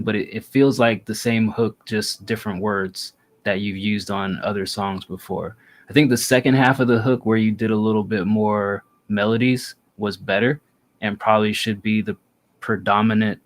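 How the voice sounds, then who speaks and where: A man with a lower voice talks through a track he just heard on a relaxed review show. He is measured and critical, pausing to find his words. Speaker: music review host. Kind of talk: casual review chat.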